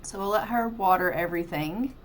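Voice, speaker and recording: A woman's voice: on the low side, fairly quick, a little hiss or hum. A woman casually commentating her life-simulation gameplay as a let's-play host, chatty and upbeat. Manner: chatty, upbeat, narrates what she does in the game.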